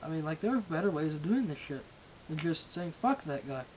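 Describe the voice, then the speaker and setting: A man's voice: fairly high pitch, expressive, brisk, darkish tone, a little hiss or hum, poor audio. Profane rambling young man ranting. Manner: rambling and profane, with frequent restarts. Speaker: livestream host. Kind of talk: ranting casual monologue.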